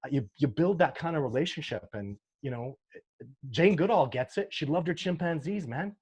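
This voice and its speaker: A man's voice: a little high, lively intonation, normal speed, darkish tone, slightly rough. A man being interviewed as a sasquatch researcher, talking earnestly and emotionally, with frequent restarts as he tells his stories. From Canada. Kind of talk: casual interview talk.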